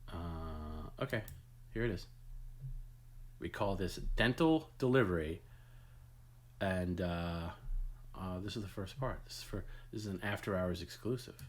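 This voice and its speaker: A man's voice: sits low, measured pace, pauses often, a little hiss or hum. A man hosting a live stream, chatting casually and rambling with many restarts. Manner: rambling, repeats himself, restarts. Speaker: host.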